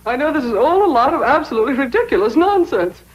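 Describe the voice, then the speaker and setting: An actress playing a prim, flustered secretary in a 1960s sitcom, talking breathlessly. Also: female voice, sits high, big pitch swings, quick pace, dull audio.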